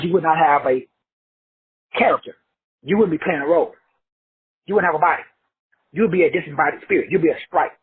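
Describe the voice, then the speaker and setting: A man's voice: a little high, breathy edge. A man hosting a self-help show, giving a blunt, preachy motivational monologue that speaks straight to his listeners and swears freely. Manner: preachy, blunt and profane, addresses listeners directly. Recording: tinny phone-like dry audio.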